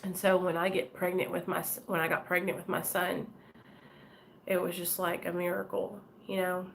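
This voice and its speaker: A woman's voice: lowish voice, flat delivery, moderate pace, vocal fry, a little hiss or hum. A woman chatting candidly with her live-stream viewers, talking straight to commenters by name. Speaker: vlogger talking to live chat. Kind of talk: casual live-stream chat.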